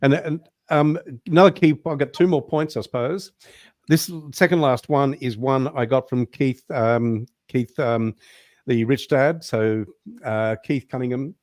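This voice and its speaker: A man, the show's guest, explaining things in a measured way in casual online talk. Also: mid-range voice, darkish tone, no room sound, studio quality. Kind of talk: casual online show interview.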